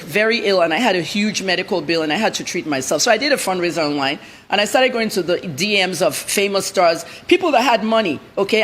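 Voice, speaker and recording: A woman journalist, answering TV interview questions in a blunt, rapid, emphatic way. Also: on the low side, fairly bright tone, slight background noise. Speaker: journalist guest.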